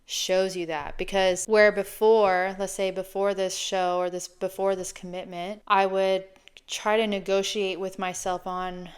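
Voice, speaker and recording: A woman in her late thirties, a fitness coach, talking casually and reflectively in a chatty, animated way. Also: mid-range voice, measured pace, smooth. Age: 30s. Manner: chatty, animated, laughs often.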